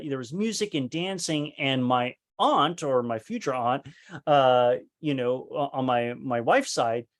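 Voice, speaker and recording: A man giving a leadership training talk, telling a personal story earnestly, with many restarts and acted-out quotes. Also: mid-range voice. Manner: earnest, full of restarts, acts out quoted voices.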